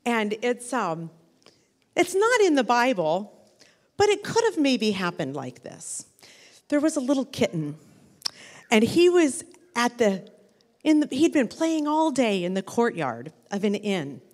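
A woman with a high voice spins a gentle tale for children, pausing to ask her young listeners questions. Her voice rings out with a long reverberant tail, as if in a large hall. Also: sing-song. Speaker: storyteller to children. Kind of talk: children's storytelling.

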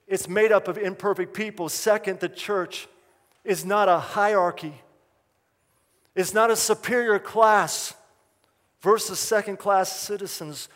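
Male pastor, high voice, emphatic sermon delivery, repeats his points, church reverb. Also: fairly bright tone. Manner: emphatic, repeats key lines, asks the congregation questions.

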